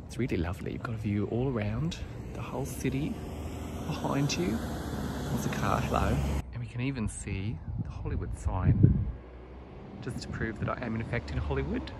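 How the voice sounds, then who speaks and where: A man's voice: medium pitch, animated, normal speed, lightly acted. A man playing a cheerful, naive woman who chats rambling to camera on a vlog about her errands, with lots of fillers. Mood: chatty. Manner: chatty and rambling, full of "uh" fillers and small exclamations. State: a bit out of breath. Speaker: vlogger character. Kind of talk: comedic character vlog. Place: outdoors on city streets with traffic. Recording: loud traffic noise outdoors.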